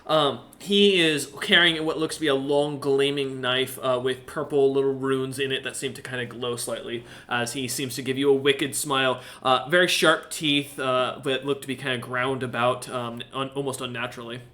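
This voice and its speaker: A man's voice: mid-range voice, steady tone, moderate pace, hardly any pauses, sharp tone. A man narrating a tabletop game as game master, rambling along with lots of ums and uhs. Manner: rambling with many fillers.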